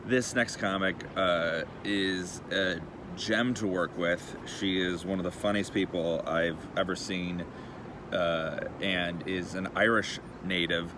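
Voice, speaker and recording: A man hosting a comedy show, introducing the next comic with relaxed, hesitant fillers. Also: sits low, slow, noisy background. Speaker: show host. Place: rooftop outdoors.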